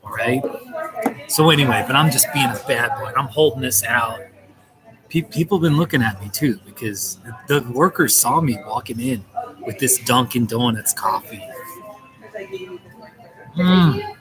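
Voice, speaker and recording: A man in a coffee shop talking to his live-stream viewers in a mid-pitched, easygoing voice. He is playful and chuckles often as he greets people in the chat by name. Music plays clearly behind him. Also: expressive, measured pace, long pauses, low-quality recording.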